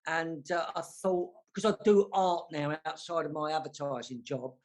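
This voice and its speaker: With a London accent and a slightly high, slightly mellow voice at normal speed, a man in his sixties from South London chats as a panel guest over video call. He's casual and self-deprecating, often starting his sentences over.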